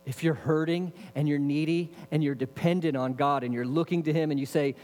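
A man preaching in a church sanctuary, his fairly high voice ringing out with a long hall reverb. He fires rhetorical questions at the congregation and drops into casual, chatty asides. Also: steady tone, fairly quick, few pauses, darkish tone. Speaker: pastor. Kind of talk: sermon.

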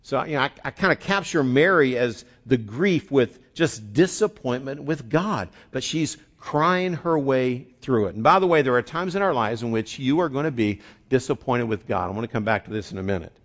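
Man, middle-aged pastor, conversational sermon, quiet then fervent, dull lo-fi recording. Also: medium pitch, lively intonation, normal speed, few pauses.

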